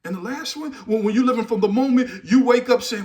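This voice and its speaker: A man hosting a motivational morning talk, energetic and preachy, repeating rhetorical questions and sometimes shouting. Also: very high voice, brisk. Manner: loud bursts and shouting at the start. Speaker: motivational speaker and host.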